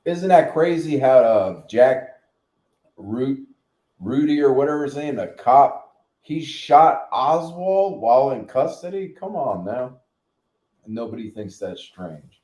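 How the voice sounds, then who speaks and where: A man's voice: mid-range voice, lively intonation, slow pace, warm tone. A middle-aged man hosting a channel, ranting in a blunt, profane, rambling way. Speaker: channel host. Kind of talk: casual rant. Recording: echoey room.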